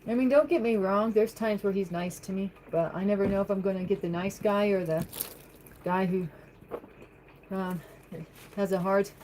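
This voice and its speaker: A woman's voice: medium pitch, steady tone, normal speed, pauses often, mellow, a little hiss or hum, rough recording. A woman chatting on a livestream from her home, reading viewer comments aloud and answering them in a rambling way. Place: home, at the kitchen sink.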